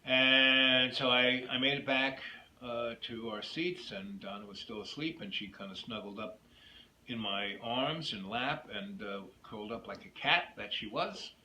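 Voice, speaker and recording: A man's voice: medium pitch, unhurried, pushed and bright. A man hosting his own video, telling a rambling personal story that drifts off into opinions. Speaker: YouTube host. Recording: echoey room with faint noise.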